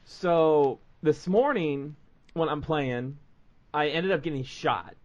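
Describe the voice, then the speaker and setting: A man's voice: fairly high pitch, takes it slowly, muffled recording. Rambling man telling stories. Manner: rambling storytelling with many fillers. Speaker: podcast host. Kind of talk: casual chat.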